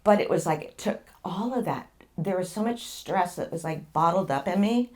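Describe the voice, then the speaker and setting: Animated and lowish in tone, a middle-aged woman tells her personal story at a moderate pace as a patient guest. She rambles candidly, laughing and repeating words as she goes.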